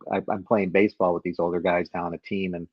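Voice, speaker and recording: A man's voice: deep voice, level tone, quick pace, husky, dry recording, lo-fi sound. A man, a podcast guest, telling stories in a chatty way and laughing along. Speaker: podcast guest, company head. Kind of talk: casual storytelling.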